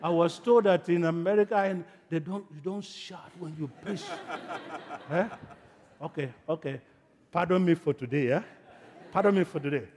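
A man preaching a sermon, from Africa, telling the story dramatically, swinging from hushed to shouting. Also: a little high, normal speed, long reverb tail. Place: church in America.

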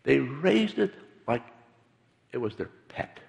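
A man voicing a stern old prophet rebuking a king, speaking in slow, solemn pronouncements. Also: medium pitch, very animated, gravelly, exaggerated voice. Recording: long hall reverb.

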